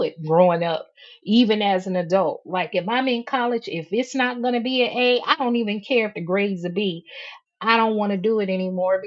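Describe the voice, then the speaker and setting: A woman's voice: a little high, dull audio. Emphatic woman in her fifties, candid. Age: 50s. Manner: candid, emphatic, laughs often while talking. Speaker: livestream host. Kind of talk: casual livestream talk reading chat.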